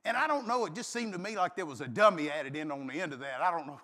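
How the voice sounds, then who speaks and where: A middle-aged man preaching a folksy, animated sermon full of stories, sometimes shouting. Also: fairly high pitch, a little fast, gravelly, few pauses. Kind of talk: sermon with storytelling. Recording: long hall reverb.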